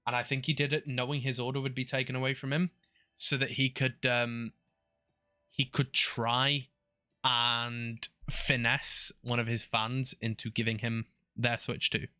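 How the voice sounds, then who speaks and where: A man's voice: medium pitch, little pitch movement, unhurried, sharp tone, dry recording, studio quality. A man streaming, chatting casually, swearing and repeating himself. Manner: cursing, exasperated, repeats himself.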